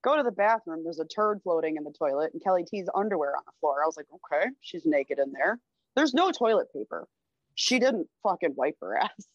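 A woman's voice: low-pitched, expressive, a little fast, no room sound, highs cut off. A woman casually telling a rowdy story on a podcast, swearing freely and laughing as she goes. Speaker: podcast guest.

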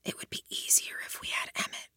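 Whispered role-play, woman voicing a hushed tense young woman, unvoiced whisper, dry close sound. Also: brisk, no room sound. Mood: urgent hush.

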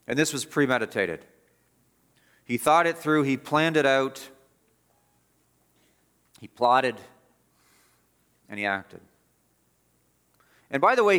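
A man's voice: on the high side, sharp tone. A man preaching an expository sermon as pastor, emphatic and repeating phrases for stress.

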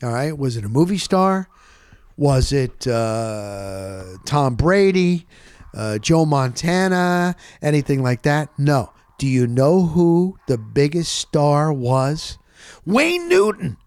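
A man hosting a show, telling a story in a casual, animated monologue and often jumping into high voices when he quotes people. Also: takes it slowly, clean tone, no echo. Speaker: host.

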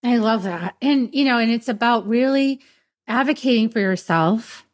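A woman's voice: fairly high pitch, normal speed. Earnest, emphatic woman in her fifties. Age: 50s. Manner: earnest and emphatic, speaking up for herself. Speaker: podcast host. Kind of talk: casual conversation.

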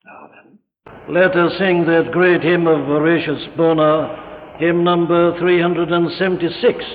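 A man preaching an impassioned sermon, pleading with rising questions and then growing hushed and tender. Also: on the high side, level tone, measured pace. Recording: dull archival recording in a reverberant hall.

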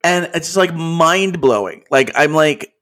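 A man co-hosting a podcast, telling stories excitedly in casual chat and laughing often. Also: on the high side, slow pace. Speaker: podcast co-host.

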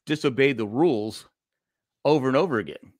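A man in his sixties, a podcast co-host telling a long story in casual chat, animated and acting out the voices of the people in it. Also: mid-range voice, fairly quick, dry recording, studio quality. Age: 60s.

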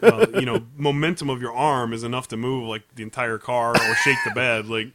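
A man's voice: medium pitch, fairly quick, fairly bright tone, no room sound. A man co-hosting a casual podcast, telling stories and laughing often. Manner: chatty storyteller, laughs often. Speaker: podcast co-host. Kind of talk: casual chat.

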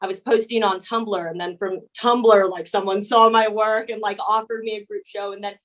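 A woman's voice: medium pitch, normal speed. A young woman from the USA, an illustrator being interviewed, talking casually with many fillers. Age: young adult. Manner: relaxed, frequent "like" fillers, laughs easily. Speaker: illustrator and painter guest.

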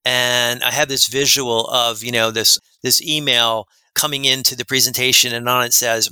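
A man, a guest expert on a podcast, telling rambling, animated anecdotes in an interview. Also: medium pitch, normal speed, hardly any pauses, clean tone, no echo. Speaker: guest expert on workplace respect. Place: lives in New Jersey.

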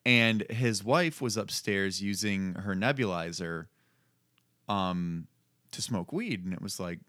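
This man. He tells a story in relaxed podcast chat, chuckling along the way, and the recording is dry and close. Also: sits low, slow, no echo. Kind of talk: casual chat.

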